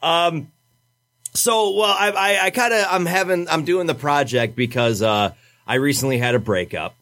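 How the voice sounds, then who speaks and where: Young man, podcast host, casual chat, rambling profane storytelling, voice sits a bit high. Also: moderate pace, fairly bright tone.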